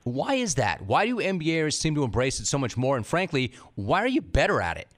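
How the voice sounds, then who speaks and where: A man's voice: a little high, wildly swooping pitch, brisk. A man hosting a talk radio interview, brash and playful, tossing in mock-dramatic readings. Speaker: radio talk show host. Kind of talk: interviewing a guest.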